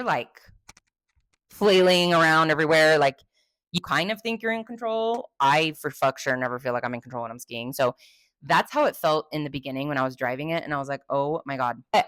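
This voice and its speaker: A woman's voice: low voice, no echo, studio quality. A young woman from Texas, hosting a podcast and telling a story casually, chatty and swearing freely with many fillers. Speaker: podcast host.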